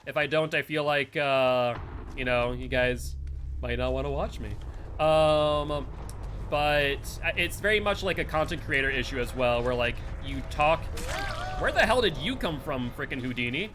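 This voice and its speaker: A man's voice: medium pitch, moderate pace, background noise. A man with a Northeastern US accent, streaming a game live and rambling to chat between plays. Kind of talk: live gameplay commentary and chat.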